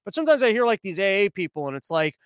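A man's voice: high voice, big pitch swings, very fast, fairly bright tone, clean tone, no room sound. A man comedian giving a rambling, sarcastic monologue with lots of fillers, recorded in his living room. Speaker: comedian hosting daily briefings. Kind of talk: casual comic monologue.

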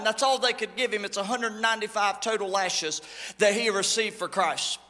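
Male pastor, very high and bright voice, fiery preaching, long church-hall reverb. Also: normal speed. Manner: impassioned, swings between shouting and low asides. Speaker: lead pastor. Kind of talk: preaching a sermon.

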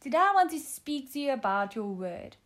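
A woman giving a devotional testimony in an earnest way, often pausing with um. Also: sits high, big pitch swings. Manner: earnest, with frequent um fillers. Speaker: speaker sharing a testimony.

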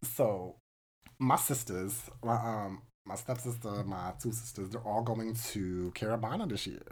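A man in his thirties co-hosting a podcast in casual chat, campy and animated, often mimicking people in high voices. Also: measured pace, slightly rough. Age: 30s. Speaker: podcast co-host.

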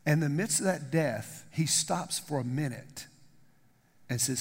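A male pastor, preaching a lively sermon and calling out to the congregation. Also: medium pitch, normal speed, gravelly, breathy edge. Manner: animated preaching, calls to the congregation. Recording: long hall reverb.

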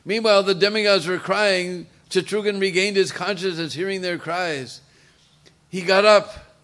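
A man telling a devotional story in an animated way, with chatty asides to his listeners. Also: sits high, measured pace.

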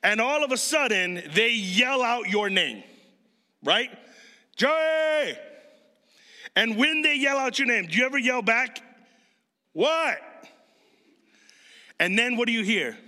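A man in his thirties from Chicago preaches in a high, very bright voice. He talks to the congregation like a friend and keeps quizzing them. His sermon rings out with the long reverb of a large hall. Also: expressive, moderate pace.

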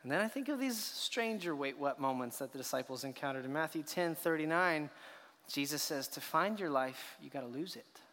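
A man's voice: on the high side, expressive, brisk, fairly bright tone. A man preaching a sermon as a pastor, telling the story with rhetorical questions and acted reactions. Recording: long hall reverb.

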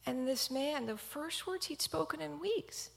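A woman's voice: high voice, a little slow, gravelly, a bit bright, in a large hall. A woman physician telling a personal story in an earnest, reflective talk.

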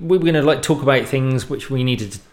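A man's voice: mid-range voice, fast, crowd noise. A man co-hosting a comedy podcast who talks casually and swears his way through exasperated rants. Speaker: podcast co-host. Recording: echoey room.

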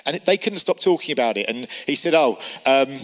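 A middle-aged pastor preaching a sermon, telling stories and quoting people in character. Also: male voice, mid-range voice, brisk. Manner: lively storyteller, quotes people in character. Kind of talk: sermon with storytelling. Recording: long church hall reverb.

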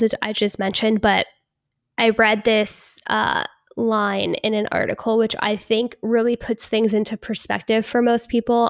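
A young woman with a slight Hispanic American accent, co-hosting a casual discussion in an earnest, measured way with "um" pauses. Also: medium pitch, creaky, no room sound, clean studio sound. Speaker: co-host.

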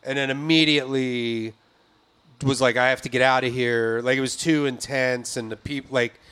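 A man's voice: mid-range voice, fairly even intonation, moderate pace, fairly bright tone, clean tone. A man hosting a podcast, talking in a rambling, reflective way with many fillers. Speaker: podcast host. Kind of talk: casual chat.

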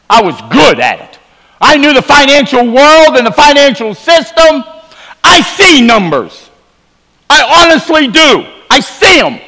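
Bright, high-voiced man preaching in a hall. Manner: storytelling, shifts between quiet low asides and emphatic rises. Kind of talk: revival sermon testimony. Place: church sanctuary. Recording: long hall reverb.

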